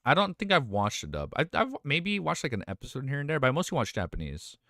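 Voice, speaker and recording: A male streamer chatting excitedly and casually during a live reaction stream, swearing now and then. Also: mid-range voice, fast talker, no echo, studio quality.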